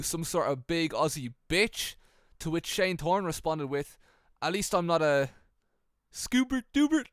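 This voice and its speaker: A young man narrating with dry, deadpan humor and casual swearing. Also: sits high, dry recording. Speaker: YouTuber.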